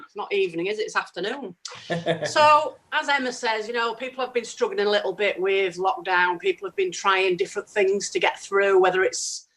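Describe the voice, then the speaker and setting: A woman's voice: mid-range voice, fairly bright tone, poor audio. A woman from the UK opening a stand-up set over a video call, chatty and ironic as she builds toward a joke. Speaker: stand-up comedian.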